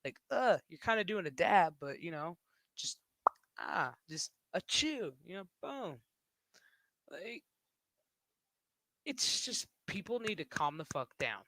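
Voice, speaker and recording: Rambling guy streamer cussing and laughing, bright tense voice, dry close sound. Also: high-pitched, sing-song, slow pace, creaky, long pauses, no echo. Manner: rambling, swearing, laughs often. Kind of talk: casual livestream chat.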